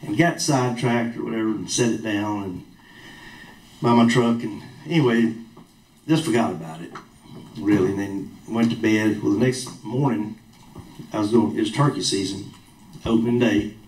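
A man's voice: fairly low pitch, normal speed, pauses often, darkish tone. A man preaching a sermon in a church hall, telling a personal story in a folksy, plain-spoken way. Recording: roomy echo from a distant mic.

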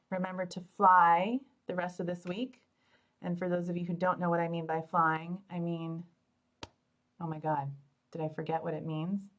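A middle-aged woman, a fertility doctor hosting a live Q&A, answering questions in an upbeat, joking, chatty way. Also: on the low side. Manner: upbeat, chatty, joking, addresses listeners as "you guys". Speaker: fertility doctor and show host.

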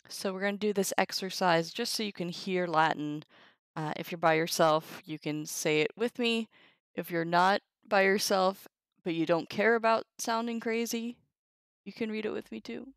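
A woman's voice: medium pitch, moderate pace, a bit bright, no room sound. A young woman teaching a casual livestream Latin lesson, chatty and informal, with asides to her chat. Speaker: Latin tutor streaming a live lesson.

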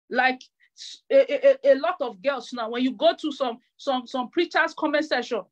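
High-pitched woman preacher; fervent sermon delivery, repetitive, stammering. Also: expressive, moderate pace. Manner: fervent, repeats phrases, stammering restarts.

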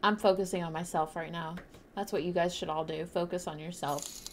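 A young woman streaming a game live, chatting bubbly with her viewers and teammates and bursting into loud shrieks. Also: on the low side, steady tone, a little fast, a little hiss or hum. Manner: talks to chat and teammates while playing.

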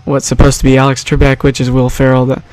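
A man's voice: mid-range voice, monotone, fast, darkish tone, dry recording. A man giving casual, rambling and jokey commentary over a baseball video game. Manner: rambling, jokey, self-correcting. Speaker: gaming YouTuber.

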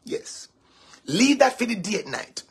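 Raspy, high-voiced gravelly man preaching. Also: very animated, takes it slowly. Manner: lecturing, emphatic, at times shouting. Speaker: pastor. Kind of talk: preaching talk to a congregation.

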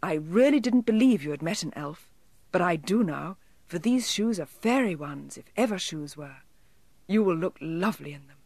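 A woman voicing a kind mother in a storybook reading, speaking slowly and reassuringly. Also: lowish voice, expressive, a little mellow, no room sound. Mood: approving. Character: kind, gentle mother of a little girl.

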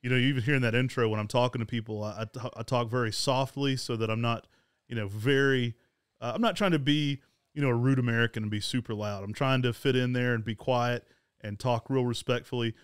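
A talkative, energetic man, co-hosting a casual travel chat and laughing often. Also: medium pitch, fast, clear, resonant tone, dry recording, clean studio sound. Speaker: show co-host.

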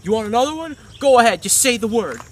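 A man playing a gruff, angry adult male principal who barks and taunts. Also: very high voice, sing-song, fast talker, voice pushed up, heavily acted. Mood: taunting. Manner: barking, taunting.

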